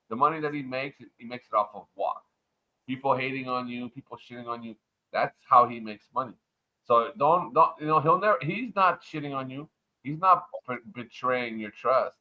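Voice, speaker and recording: Dude from montreal mouthing off on a stream, crude and cocky, muffled lo-fi mic. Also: male voice, medium pitch. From Montreal, Canada. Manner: loud, profane, swaggering rant. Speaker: livestream panel guest. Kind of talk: crude casual stream chat. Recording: muffled lo-fi online audio.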